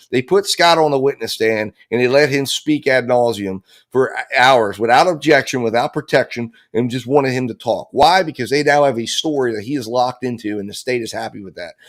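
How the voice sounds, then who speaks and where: A man in the middle of the male pitch range lays out his theory of a case as a commentator. He pushes his points hard and repeats phrases for emphasis. He drops curses without hesitation. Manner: emphatic and blunt, with frequent profanity and repeated phrases. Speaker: host of a true crime legal analysis show. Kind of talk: impassioned legal commentary.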